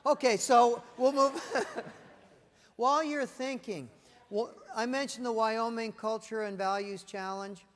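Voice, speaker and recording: A man with a high, light voice speaks to a seated audience in a large meeting room, and his words trail off into a long reverb. He tells stories with energy and keeps asking the room questions. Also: fairly even intonation, slow, fairly bright tone. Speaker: keynote speaker. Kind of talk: corporate leadership presentation.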